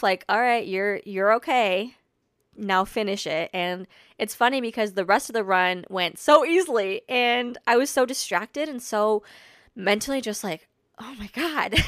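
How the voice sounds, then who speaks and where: A woman's voice: a little high, a bit bright, clean tone, no echo, studio quality. A woman in her twenties, hosting her own podcast, tells a personal story in a chatty, self-deprecating way. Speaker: podcast host. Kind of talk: casual solo storytelling. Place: home.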